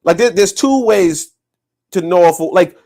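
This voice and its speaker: A man co-hosting a livestreamed podcast, talking in a loose, profane, animated way and laughing often. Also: high-pitched, measured pace. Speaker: podcast co-host. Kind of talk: casual livestream chat.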